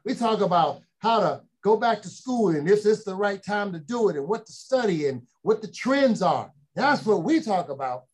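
High-voiced man telling family stories. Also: expressive, moderate pace, hardly any pauses, darkish tone, husky. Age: middle-aged. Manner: folksy storytelling, quoting family members, rising to emphatic preaching. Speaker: speaker. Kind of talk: motivational storytelling talk.

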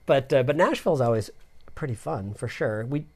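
A man co-hosts a relaxed travel podcast at an ordinary pitch. He rambles, stops and restarts, filling gaps with "um" and "like". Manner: rambling, halting, with many fillers and restarts. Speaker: podcast co-host. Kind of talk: casual travel chat.

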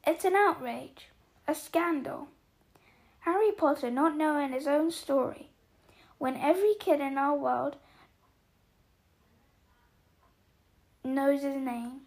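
A woman voicing a gruff giant man who is kindly but quick-tempered, with booming outbursts and folksy slang, in an audiobook reading. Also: flat delivery, exaggerated voice. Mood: outraged.

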